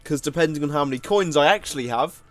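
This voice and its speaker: A man's voice: on the high side, fast talker, soft background music. A man giving casual, self-mocking commentary while playing a card game, often laughing at himself. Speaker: gaming video host.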